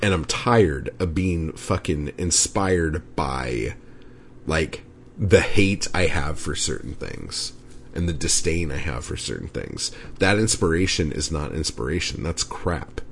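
Low, slow-talking profane man. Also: vocal fry, a little hiss or hum. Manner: profane, rambling, frequent "like" fillers. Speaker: podcast host. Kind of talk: casual solo podcast rant.

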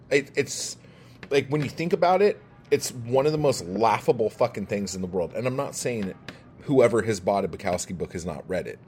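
A man's voice: on the low side, darkish tone, a little hiss or hum. A man ranting heatedly to camera, swearing constantly and pushing his points with emphatic bursts. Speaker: poet and video creator.

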